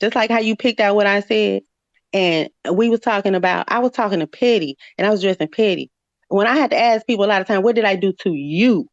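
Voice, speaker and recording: A woman's voice: medium pitch, fairly quick, no echo. Blunt, profane woman on a muffled stream. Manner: blunt, profane, insistent, repeats "you know what I'm saying". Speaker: live stream panelist. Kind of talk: heated casual argument. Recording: dull muffled stream audio, dry.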